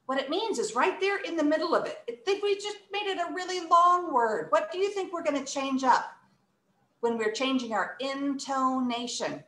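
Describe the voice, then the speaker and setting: A woman's voice: high-pitched, lively intonation, moderate pace, pushed and bright, echoey room. A woman teaching an English workshop, speaking expressively and acting out emotions and word stress. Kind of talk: online English lesson for children.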